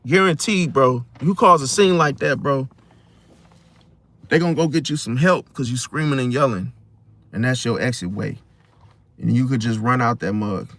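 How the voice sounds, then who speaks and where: A man hosting a casual astrology monologue, talking in an animated way and often asking his listeners "See?". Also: mid-range voice, normal speed, no echo. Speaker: host.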